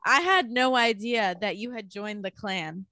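A woman's voice: mid-range voice, measured pace, pushed and bright. A woman guesting on a podcast in casual chat, giggly and self-deprecating.

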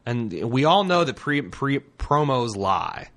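A man's voice: medium pitch, big pitch swings, a little slow, a bit bright. A man co-hosting a podcast in casual chat, rambling and loose, swearing freely and restarting his sentences. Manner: rambling, loose and profane, with many restarts and fillers. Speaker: podcast co-host.

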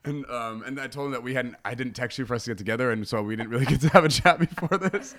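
A man's voice: mid-range voice, fast talker, a bit bright. A man hosting his own podcast, chatting casually and meandering as he talks to his listeners before an interview. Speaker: podcast host.

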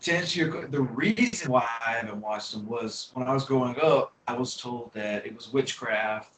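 A man hosting a podcast, chatting casually in a relaxed way and often repeating words as he starts a thought. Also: medium pitch, moderate pace. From United States. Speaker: podcast host. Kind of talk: casual chat. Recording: roomy sound, distant from mic, faint noise.

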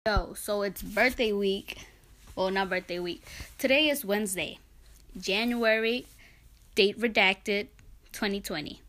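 A woman's voice: medium pitch, a little slow, pauses often, fairly bright tone. An eighteen-year-old woman hosting a podcast, talking casually in a chatty, sarcastic way. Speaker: podcast host.

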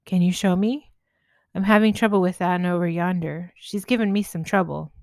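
A woman's voice: lowish voice, fairly even intonation, moderate pace, darkish tone, no room sound, studio quality, close to an everyday voice. A woman voicing a friendly male farmhand with a put-on southern drawl, playful and kind in a storybook tale.

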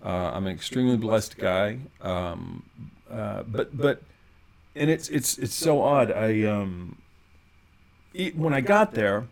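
A man guesting on a casual podcast conversation, telling long rambling stories in an animated way with lots of restarts. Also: fairly low pitch, takes it slowly, gravelly.

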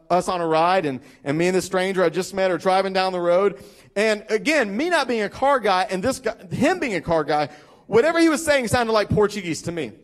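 A young male pastor preaching a sermon, telling a story with lively acted-out quotes and emphatic repetition. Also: high-pitched. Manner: animated, acts out quoted voices, repeats for emphasis.

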